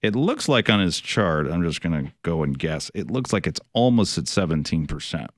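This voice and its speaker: Low-ish middle-aged guy hosting a money radio show, rambly with lots of ums, dry close studio sound. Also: very animated, moderate pace, dry recording. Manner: rambling, many fillers and restarts, wry sarcasm. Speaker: financial advisor and radio show host. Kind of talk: casual radio chat.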